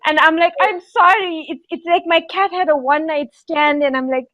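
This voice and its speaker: A woman on a podcast telling a rambling story in casual chat, animated and giggly with lots of fillers. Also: high-pitched, brisk, no room sound, low-quality recording. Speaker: podcast co-host.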